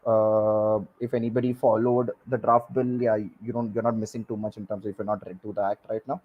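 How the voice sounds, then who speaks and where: A man, speaking as a guest expert on a panel, halting and repeating words with many fillers. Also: fairly low pitch, little pitch movement, narrow, tinny audio. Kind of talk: panel discussion.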